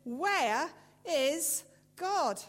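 A woman preacher quoting a huge, stern male preacher with a booming voice, loud and slow, in a sermon story. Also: animated, long reverb tail.

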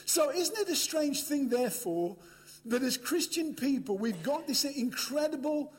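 With a very high, expressive voice and a slightly slow delivery, an older man speaking British English preaches a humorous, conversational sermon built around stories. He talks straight to a live crowd in a large hall, captured in an echoey recording.

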